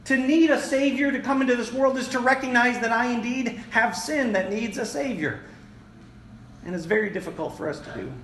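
A man's voice: very high-pitched, brisk, fairly bright tone. Preacher guy hammering points home, repeats lines, roomy echo and faint background hum. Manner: emphatic, repeats key phrases, addresses the congregation. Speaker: pastor. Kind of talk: sermon. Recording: echoey room with faint ambience.

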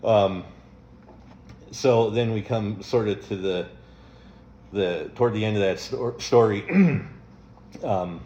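A male pastor preaches in a relaxed, conversational way, peppering his talk with ums and soft chuckles. His voice sits on the low side. The sound is roomy and a touch muffled, with faint background noise, as in a church. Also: slow, long pauses. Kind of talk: sermon.

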